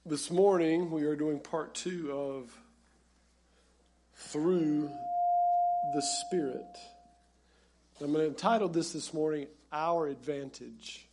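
A pastor preaching a conversational, animated sermon that speaks straight to his congregation. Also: on the high side, slow, pauses often, slight background noise.

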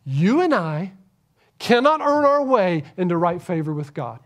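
A man preaching a sermon to a church congregation, earnest, swinging between loud emphasis and hushed, near-whispered lines. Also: sits high, very animated, unhurried. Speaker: pastor.

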